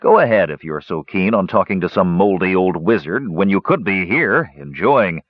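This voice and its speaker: A lazy, indulgent young warrior drawls in a lowish, husky voice, as a male reader puts him on. He sounds unbothered and in no hurry. The sound is dull and dry, close to a lo-fi home mic. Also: expressive, moderate pace, dry recording.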